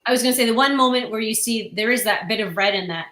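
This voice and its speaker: A woman's voice: on the high side, quick pace, fairly bright tone, roomy sound. A woman who writes comics, answering interview questions earnestly and at length, with frequent restarts.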